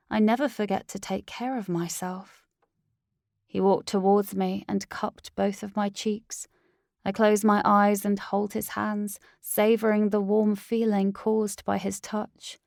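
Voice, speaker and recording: A woman's voice: medium pitch, creaky, a little mellow, dry recording, clean studio sound. A woman narrating a first-person audiobook in an earnest, dramatic reading.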